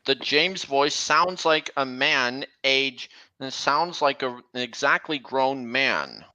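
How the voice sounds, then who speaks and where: A young man hosts a casual livestream chat, speaking slowly and breaking off to restart his sentences. His voice has a bright, tense edge. He speaks at a middle pitch. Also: animated, poor audio. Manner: halting, with frequent restarts. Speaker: livestream host.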